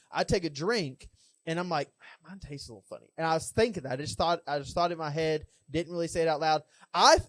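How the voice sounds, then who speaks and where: A man's voice: fairly high pitch, dry recording. Young man rambling on a podcast, dry close mic. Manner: rambling storyteller, gets fired up. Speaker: podcast co-host. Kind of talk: casual chat.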